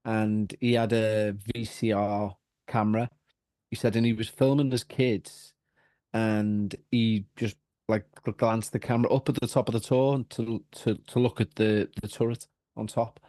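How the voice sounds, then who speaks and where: A man with a Liverpool accent, a podcast guest telling a story in casual chat, animated and full of restarts and repeats. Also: fairly low pitch, unhurried, no echo, studio quality.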